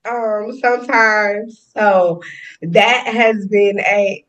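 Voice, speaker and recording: A woman speaking candidly as an interview guest, lively and expressive, often breaking into laughter and pushing her voice up for emphasis. She sounds set back from a somewhat muffled microphone. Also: medium pitch, drawn-out words. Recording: distant muffled mic.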